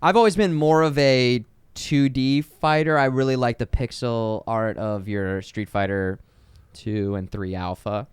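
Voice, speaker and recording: Smooth-voiced man chatting casually. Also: medium pitch, measured pace, dry recording. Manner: rambling, excitable, lots of fillers. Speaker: podcast co-host. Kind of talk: casual chat.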